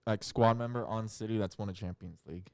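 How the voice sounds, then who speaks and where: A man's voice: on the low side, steady tone, fast talker, darkish tone. Chatty man steering a podcast chat. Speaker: podcast co-host. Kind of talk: casual chat.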